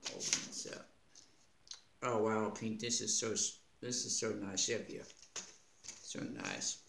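A man in a casual unboxing vlog, laughing often and talking with gentle, grateful feeling. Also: lowish voice, wildly swooping pitch, vocal fry. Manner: slow, warm-hearted, laughing often, moved near tears. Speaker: vlogger. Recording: echoey room with faint noise.

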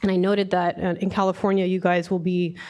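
A woman with a slightly low, scratchy voice from a passing cold gives a technical lecture. She explains at a measured pace and fills her pauses with frequent ums. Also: flat delivery, dark tone. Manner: many filler ums, measured explanatory delivery. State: getting over a cold, scratchy voice. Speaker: invited speaker, environmental engineer. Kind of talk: technical presentation.

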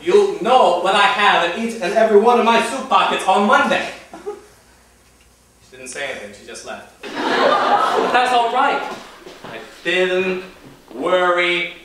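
A man playing a brash, self-assured inventor pitching a wacky product in a comic stage monologue, with punchy, cocky sales patter. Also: animated, unhurried, long pauses, pushed and bright, exaggerated voice. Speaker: spoof talk presenter. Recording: very echoey, distant, noisy.

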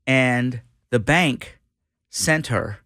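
Bright-voiced man telling a lively story. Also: mid-range voice, very slow, dry recording, studio quality. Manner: animated storyteller, acts out voices. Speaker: radio host guest. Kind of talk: storytelling on a radio show. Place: radio studio.

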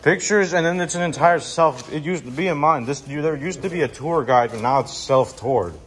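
A man giving excitable, rambling running commentary as he walks through a dim indoor attraction, filming on a handheld phone. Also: on the high side, fairly quick. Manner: excitable, rambling, self-correcting. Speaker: vlogger touring an attraction.

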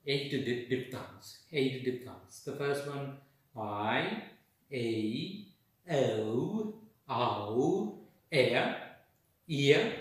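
A man with an Indian English accent teaching English pronunciation, slowly repeating vowel sounds and example words in drills. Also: mid-range voice. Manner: slow, repeats each sound and word drills. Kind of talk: accent training lesson. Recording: echoey room, voice far from the mic.

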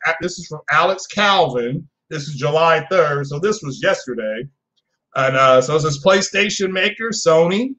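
A man's voice: on the high side, pushed and bright, rough recording. Chatty man hosting a live gaming stream. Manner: rambling, chatty, talks to chat viewers by name. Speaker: gaming podcast host. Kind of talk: casual live-stream chat.

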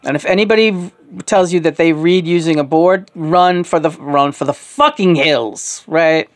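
A woman channeling a gruff, swearing man. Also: sits low, normal speed, lightly acted. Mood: stern. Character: blunt, profane British male spirit speaking through a medium.

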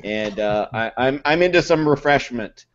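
A man's voice: mid-range voice, expressive, moderate pace. A Canadian man co-hosting a casual beer podcast, rambling with lots of fillers. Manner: rambling, filler-heavy, teasing. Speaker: podcast co-host. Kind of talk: casual chat over beers. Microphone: video call. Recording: muffled online call.

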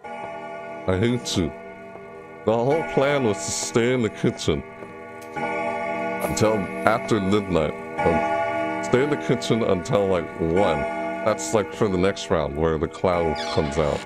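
A deep-voiced man plays a horror game live in a VR headset, muttering and grumbling between scares. His wildly swinging voice jumps from low mutters to panicked high shrieks whenever the game startles him. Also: expressive, slow, pauses often, loud music behind the voice. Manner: jumpy, frequently yelping and shrieking in panic. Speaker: gameplay commentator.

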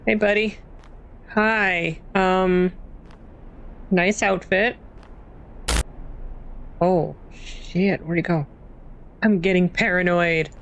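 A woman's voice: fairly low pitch, fairly even intonation, very slow, long pauses, muffled recording. A young woman casually commenting on a horror game as she plays, jumpy and self-mocking. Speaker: gaming channel host.

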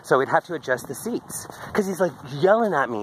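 A man's voice: fairly high pitch, sing-song, brisk, few pauses, fairly bright tone, breathy edge, poor audio. Chatty man rambling on a walk. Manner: candid, chatty, drifts off topic, laughs a lot. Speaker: video diarist. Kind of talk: rambling walk-and-talk video journal. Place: outdoors on a daily walk in a park. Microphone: handheld phone.

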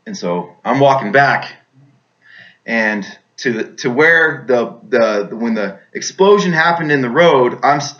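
A man's voice: mid-range voice, fairly bright tone. Rambling man telling a war story. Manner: rambling, repeats words, many fillers. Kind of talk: personal storytelling. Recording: dull lo-fi recording.

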